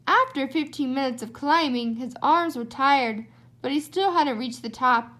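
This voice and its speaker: Woman storybook reader, high voice, expressive. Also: a little slow. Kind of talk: reading a children's book aloud.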